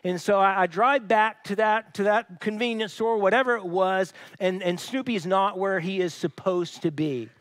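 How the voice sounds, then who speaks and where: A man's voice: high-pitched, moderate pace, few pauses, no echo. A man preaching a sermon as pastor, telling stories in a conversational way with frequent restarts. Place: church.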